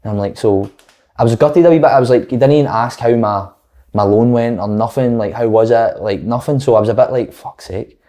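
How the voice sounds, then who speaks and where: Fast-talking Scottish man telling stories. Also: medium pitch, dark tone. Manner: swearing, story-telling with quoted dialogue. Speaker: footballer guest. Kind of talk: casual chat podcast.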